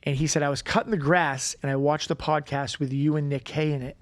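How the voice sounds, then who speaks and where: A man with a fairly high voice talks casually on a podcast, recorded close and dry. He often stalls and restarts his sentences as he speaks. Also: fairly even intonation, no room sound. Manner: halting, stammers and restarts when moved. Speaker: company CEO guest.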